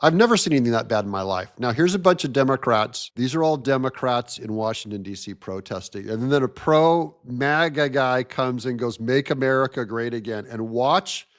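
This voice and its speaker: Host type: a man with a mid-pitched voice, mocking and sarcastic, talking over video clips. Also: lively intonation, normal speed, hardly any pauses. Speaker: show host.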